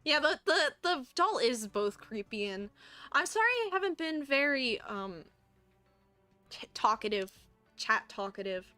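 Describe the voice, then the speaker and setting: A woman's voice: high-pitched, very animated, a little slow, sharp tone, clear, resonant tone, no echo, faint music behind. A woman streaming a horror game, casually chatting and reading on-screen text aloud, with the odd curse. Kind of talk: casual gameplay commentary.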